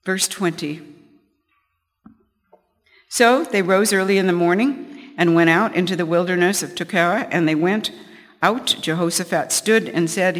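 A woman's voice: lowish voice, a little slow, long pauses, in a large hall. A middle-aged woman giving a conversational Bible teaching, telling personal stories with chatty restarts. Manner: chatty storytelling, frequent restarts, light laughs.

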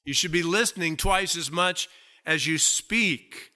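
A man preaching a sermon as pastor, slow and deliberate, stretching out key words for emphasis. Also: on the high side, pushed and bright.

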